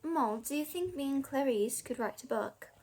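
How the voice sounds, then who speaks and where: A woman's voice: high voice, expressive, normal speed, a little mellow. A woman reading aloud, voicing an eager, self-assured schoolgirl.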